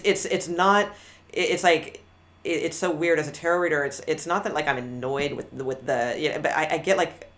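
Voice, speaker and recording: A woman's voice: low voice, fairly bright tone. A woman doing a live tarot reading, candid and blunt, rambling through many restarts. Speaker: tarot reader.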